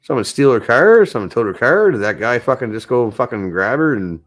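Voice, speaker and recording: A man's voice: medium pitch, sing-song, normal speed, a bit bright. A man chatting casually on a live stream, rambling and swearing often. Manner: rambling, swears a lot, gets anxious. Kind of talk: casual chat.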